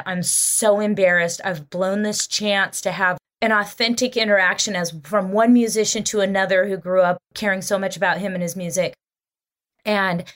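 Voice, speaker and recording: A woman musician, a guest on an interview show, telling a story in an animated, expressive way. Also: mid-range voice.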